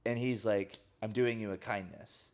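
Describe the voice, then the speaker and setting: Animated man retelling a plot, lowish voice. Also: normal speed. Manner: animated storyteller acting out quoted lines, frequent "like". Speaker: podcast co-host. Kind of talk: casual chat retelling a film plot.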